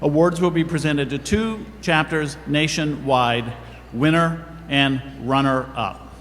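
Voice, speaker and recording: A man presenting awards at a ceremony, reading the citations in a steady, formal way. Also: on the high side, slow. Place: event hall. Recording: reverberant hall, faint room noise.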